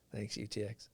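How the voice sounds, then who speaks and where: A man's voice: fairly bright tone, no echo, clean studio sound. Earnest man giving a motivational talk. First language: Portuguese. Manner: earnest, reflective, answering viewers' comments. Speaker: live-stream host.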